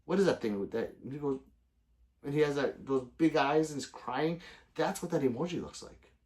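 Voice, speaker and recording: A man hosting a casual livestream, reading viewer comments aloud, joking and swearing freely with loud sudden outbursts. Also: on the high side, normal speed. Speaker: gun channel livestream host.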